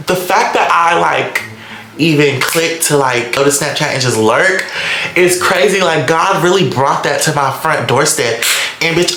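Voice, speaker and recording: A young man telling a story in a vlog, animated and dramatic, with lots of cursing. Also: fairly high pitch, gravelly, slight background noise. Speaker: vlogger. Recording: echoey room.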